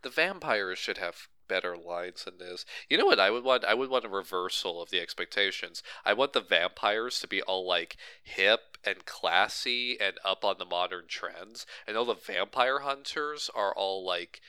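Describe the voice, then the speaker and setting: Bright, crisp-voiced sarcastic man. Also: sits low, expressive, normal speed, hardly any pauses, no room sound. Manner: sarcastic, rambling, swears freely. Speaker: podcast co-host. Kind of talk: casual movie-riffing chat.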